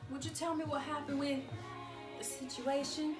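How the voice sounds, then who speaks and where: A woman's voice: sits high, flat delivery, normal speed, roomy sound, music in the background, natural voice. Juliet, a woman playing an impatient young bride. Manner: impatient, pressing questions. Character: young woman eager to hear love news.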